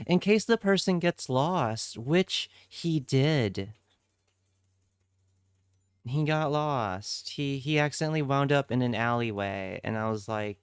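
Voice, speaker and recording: Man, live streamer, casual chat, unhurried delivery, cursing, dry close sound. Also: medium pitch, expressive, clean tone, no room sound. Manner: chatty, swears freely, reads and answers chat.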